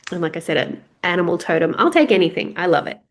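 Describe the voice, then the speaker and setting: A woman's voice: fairly low pitch, sing-song, fast. A middle-aged Australian woman hosting a podcast, talking candidly and chattily in a solo reflective monologue with laughs and restarts. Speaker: podcast host. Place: house, on her own.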